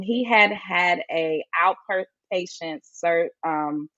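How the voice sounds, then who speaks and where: A woman's voice: deep voice, fairly even intonation, normal speed, no echo, dull audio. A woman guest speaking earnestly and reflectively in an interview, telling a personal story. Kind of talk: conversational interview.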